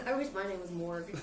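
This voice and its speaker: A woman hosting an online trivia livestream, giggling often as she reads questions and chats. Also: lowish voice. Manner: giggly, laughs often while reading questions. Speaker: trivia host. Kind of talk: casual trivia livestream chat. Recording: roomy echo with faint music.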